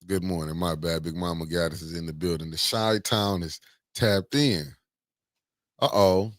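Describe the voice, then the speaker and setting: Man, very low voice, dry close sound, livestream host, slangy shout-outs. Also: normal speed, dry recording. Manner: shouting out viewers, slangy and animated. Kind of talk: casual livestream chat.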